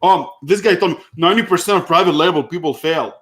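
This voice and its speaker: Animated man, high-ish voice, telling stories. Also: fast. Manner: animated storytelling, acts out exchanges, frequent fillers; blunt, occasionally swears. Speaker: host of live Q&A on online selling. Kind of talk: casual live-stream Q&A.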